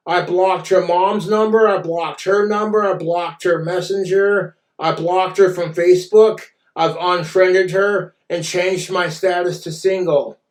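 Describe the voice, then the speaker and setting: A man's voice: sits high, fairly even intonation, a little slow, few pauses, roomy sound. A man ranting in a vlog monologue, aggrieved and profane. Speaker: vlogger.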